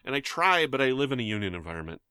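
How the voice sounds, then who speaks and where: Podcast co-host: a Canadian man, bright voice, dry close sound, joking and chatty. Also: mid-range voice, big pitch swings, racing, clean tone, no echo. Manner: chatty, joking asides, many restarts. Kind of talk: casual chat.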